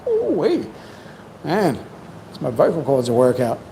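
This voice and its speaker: A man hosting a casual livestream chat, rambling and reflective, full of "you know", his voice slightly croaky from long talking. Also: medium pitch, steady tone, moderate pace, mellow, slight background noise, poor audio. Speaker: livestream host. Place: home in Cambodia.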